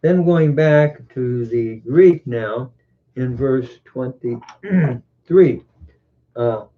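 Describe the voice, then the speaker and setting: A man teaching scripture, reading verses in several languages and explaining their grammar with frequent pauses and self-corrections. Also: medium pitch, lively intonation. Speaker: Bible teacher. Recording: muffled lo-fi recording.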